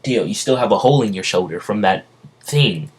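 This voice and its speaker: Man doing a helpful sidekick, casual and friendly, lowish voice. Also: animated, fairly quick, slightly rough. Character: loyal helpful male sidekick.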